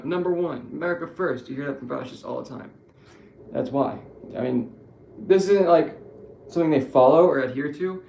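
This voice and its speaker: A man talking politics in a loose, rambling monologue, full of swearing and restarts. His voice is gravelly at a middle pitch. The room is echoey with a faint hum behind him. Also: mellow. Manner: rambling, profane, self-correcting.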